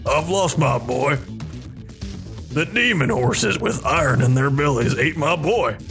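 A man's voice: on the high side, lively intonation, unhurried, creaky. A man reading a journal aloud in the voice of a grieving medieval colonist father, in a solemn, mock-dramatic way. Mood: mournful. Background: music.

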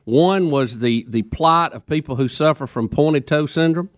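A man's voice: fairly high pitch, moderate pace, dry recording, studio quality. A man co-hosting a sports talk radio show, mock-serious and playful.

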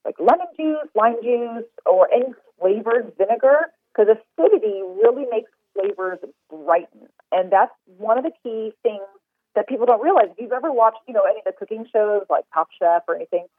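A woman's voice: a little high, lively intonation, no echo. Upbeat woman chef over a phone line. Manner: enthusiastic, talks fast in long run-on explanations. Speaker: chef and recipe developer. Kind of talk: casual podcast interview. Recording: tinny phone line, dry.

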